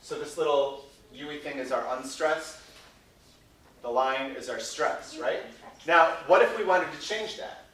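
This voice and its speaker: A man's voice: a little high, a little slow, a bit bright, distant mic. Playful male teacher in an echoey room. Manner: playful, ends phrases with 'right?'. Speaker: Shakespeare workshop teacher. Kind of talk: classroom teaching.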